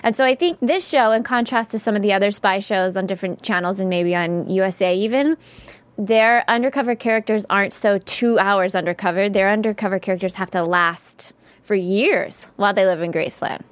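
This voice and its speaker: A woman's voice: mid-range voice, brisk, no room sound. A woman from the American South chatting casually about a TV episode, thoughtful, with fillers and small stammers. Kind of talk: casual TV recap chat.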